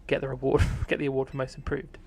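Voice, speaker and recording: A man's voice: mid-range voice, completely flat delivery, quick pace, creaky, a little mellow, slight background noise. A young man casually commentating his game live on stream, swearing often, mocking himself and laughing easily.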